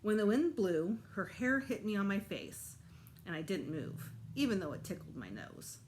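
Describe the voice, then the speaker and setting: A teacher reading a children's chapter book aloud to her class. Her voice sits at a middle pitch and moves a lot, rising and falling as she tells the story. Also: moderate pace, a little hiss or hum. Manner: expressive, animated.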